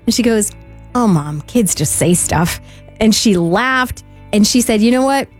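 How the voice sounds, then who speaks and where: A woman's voice: mid-range voice, lively intonation, a little slow, faint music behind. Earnest woman making a radio appeal. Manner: earnest and heartfelt, laughs easily. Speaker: radio fundraiser co-host and parent. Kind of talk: on-air fundraising appeal, personal story.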